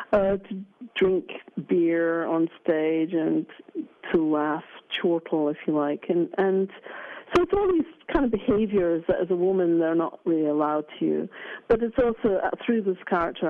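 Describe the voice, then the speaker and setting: A woman speaks as a guest in a radio interview, thoughtful and unhurried, with frequent pauses. Her voice sits a little low for a woman. The sound is narrow and tinny, like a phone line. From Scotland. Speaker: interview guest, drag king performer.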